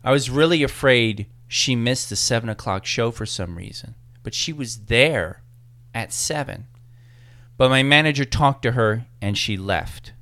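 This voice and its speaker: A man spins an anecdote in relaxed conversation, lively and slipping into other people's voices. His tone is bright and forward, and his words come out clear and crisp. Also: medium pitch, a little slow. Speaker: podcast guest telling a story. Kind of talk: casual storytelling.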